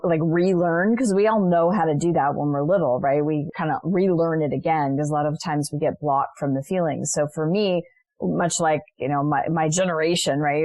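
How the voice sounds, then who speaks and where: A woman's voice: low-pitched, a little mellow, no room sound. A middle-aged woman, a coach as podcast guest, telling stories in an earnest, reflective way. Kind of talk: podcast interview.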